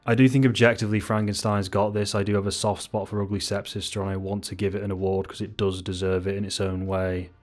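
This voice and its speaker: A young man talks through film awards picks in a loose, rambling way, swearing freely and poking fun at himself. His voice sits fairly low but jumps up high when he gets worked up. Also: level tone, fast talker, hardly any pauses. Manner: rambling, sweary, self-mocking, jumps into sudden high exclamations. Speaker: YouTube film commentator. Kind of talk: casual unscripted film commentary.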